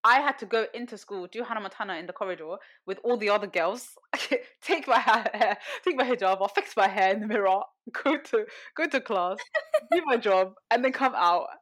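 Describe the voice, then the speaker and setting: A woman's voice: mid-range voice, moderate pace. A young woman, a podcast guest telling stories in casual chat, full of fillers and laughter. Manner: animated storyteller, lots of fillers and laughter.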